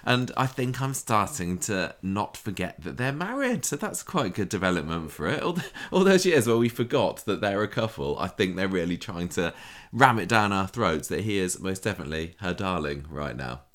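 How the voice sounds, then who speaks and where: A man with a low, lively voice co-hosts a casual podcast. He talks playfully, laughing often as he recaps the week. His pitch rises and falls in wide, animated swings. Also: moderate pace. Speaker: podcast co-host. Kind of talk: casual chat.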